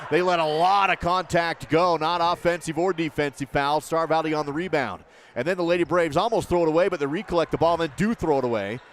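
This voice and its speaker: Quick play-by-play man, raised pitch. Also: a little hiss or hum. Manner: rapid running commentary, calls each pass and shot. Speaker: play-by-play announcer. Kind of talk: basketball play-by-play commentary.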